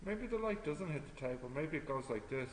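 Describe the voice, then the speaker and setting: A man's voice: fairly high pitch, lively intonation, a little fast. Guy tutoring physics, talks himself through the sums, keeps checking with the class, roomy echo, faint hum. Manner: thinking aloud, checks with students, self-correcting. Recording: echoey room with long reverb, faint background hum.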